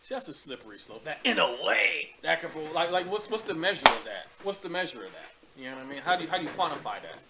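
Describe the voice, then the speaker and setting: A man's voice: fairly high pitch, sing-song, quick pace, creaky, few pauses, very noisy. A man co-hosting a live call-in chat in slang, questioning things and repeating his points.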